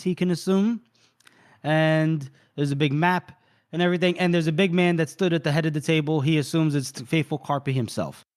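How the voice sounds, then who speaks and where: A man co-hosting a book podcast, casually retelling a chapter and tossing off characters' lines as he goes. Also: fairly high pitch. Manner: retells scenes loosely, voicing characters' lines in passing. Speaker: podcast co-host recapping a novel. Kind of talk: casual chat.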